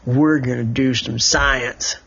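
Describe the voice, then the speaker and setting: Cowboy Jim, a folksy cowboy, as a dad voices him. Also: male voice, medium pitch, steady tone, takes it slowly, creaky, fairly bright tone, slightly rough, lo-fi sound, full character voice. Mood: knowing. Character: friendly adult male cowboy on a horse.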